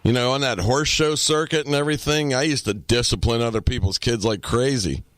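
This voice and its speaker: A brisk, slightly bright mid-range male voice comes through on a dry recording. He co-hosts a podcast in a loose, casual way, telling profane tales and playing out the lines of the people he quotes.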